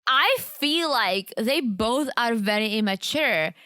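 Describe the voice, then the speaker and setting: Bright-voiced Czech-born woman co-host. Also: on the high side, lively intonation, slow, dry recording, studio quality. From Czech Republic. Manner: enthusiastic, chatty. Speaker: podcast co-host. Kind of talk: casual chat recap.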